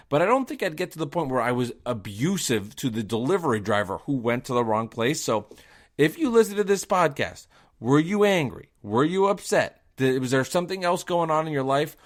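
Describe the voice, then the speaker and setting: A man's voice: a little high, sing-song, brisk. Chatty, profane male podcast host. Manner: chatty, profane, self-deprecating. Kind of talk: casual storytelling.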